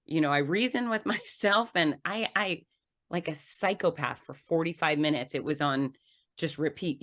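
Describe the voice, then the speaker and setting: A woman guest on a podcast telling a personal story with animated, laughing delivery that acts out the scenes. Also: low-pitched, normal speed. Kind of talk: conversational storytelling.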